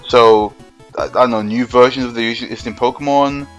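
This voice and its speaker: A man's voice: medium pitch, steady tone, brisk, fairly bright tone, lo-fi sound, soft background music. A man co-hosting a gaming podcast, rambling and joking in casual chat with lots of fillers. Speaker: podcast co-host.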